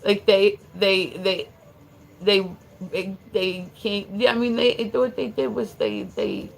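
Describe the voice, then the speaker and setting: A woman's voice: medium pitch, expressive, takes it slowly, creaky, poor audio. An American woman hosting a livestream, chatting casually and rambling with many restarts and fillers. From United States. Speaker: livestream host. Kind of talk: casual chat.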